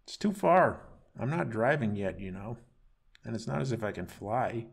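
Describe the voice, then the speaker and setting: A man's voice: on the low side, sing-song, moderate pace, gravelly, breathy edge, full character voice. A man voicing a menacing male raccoon turning human, who talks in a sneering, taunting way. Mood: mocking.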